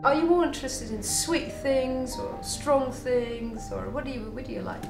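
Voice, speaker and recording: A woman's voice: sits high, normal speed, vocal fry, echoey room, music in the background, rough recording. A woman guiding a tasting tour in a distillery museum, explaining its history and listing flavours in a storytelling way. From Netherlands. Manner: explanatory, storytelling, lists products.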